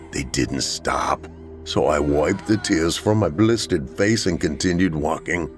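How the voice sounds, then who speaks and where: Deep-voiced man narrating a horror tale. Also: measured pace, faint music behind. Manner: dramatic, acts out frightened lines. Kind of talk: scripted first-person horror narration.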